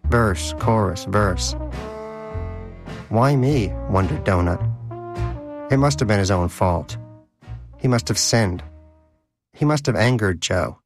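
A man's voice: lowish voice, lively intonation, a little slow, pauses often, music in the background. A man reading an audiobook story aloud with wry, dry humor. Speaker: narrator. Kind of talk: audiobook narration.

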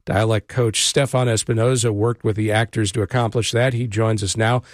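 A man hosts a radio talk show from a dry, close studio mic. He reads his introduction in a measured way, then asks his guest questions in a looser, conversational tone. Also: lowish voice, steady tone, no echo. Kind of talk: radio interview.

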